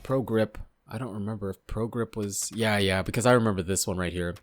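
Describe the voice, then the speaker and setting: A young man with a somewhat low voice gives casual gameplay commentary, a little hoarse. He rambles, hedges and corrects himself as he browses through options. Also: fairly even intonation, a little fast, no echo. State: slightly hoarse. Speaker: gaming YouTuber.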